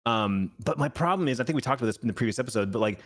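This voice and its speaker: A man co-hosting a podcast, talking quickly and loosely, full of "like" and "you know" and casual swearing. His pitch is ordinary for a man, and his words tumble out at a brisk clip. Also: animated. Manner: fast, filler-heavy, swearing. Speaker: podcast co-host. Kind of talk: casual chat.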